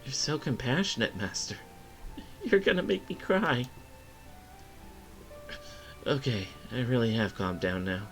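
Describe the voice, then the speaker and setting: A man's voice: mid-range voice, expressive, a little slow, long pauses, fairly bright tone, faint music behind, rough recording. A man voicing a nervous, apologetic young woman who keeps saying sorry. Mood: anxious. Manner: nervous, self-deprecating, apologetic.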